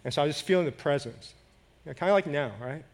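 A man's voice: on the high side, fast talker. A man preaching a sermon as a conversational story, self-deprecating and laughing often.

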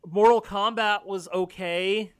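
A man co-hosting a podcast in casual chat, excitable, who yelps and swears when surprised. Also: high-pitched, takes it slowly, clear, resonant tone. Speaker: podcast co-host.

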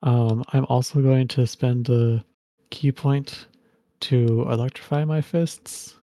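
Give me a man in a tabletop game who states his moves briefly and calmly. His voice is mellow and slow. It is recorded dry. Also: medium pitch, no room sound. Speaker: player. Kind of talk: casual tabletop play.

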